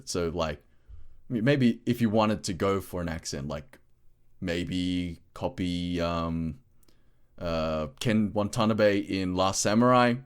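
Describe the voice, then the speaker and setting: Casual rambling podcast co-host, low man's voice. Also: takes it slowly, clear, resonant tone. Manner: rambling, full of "like" fillers.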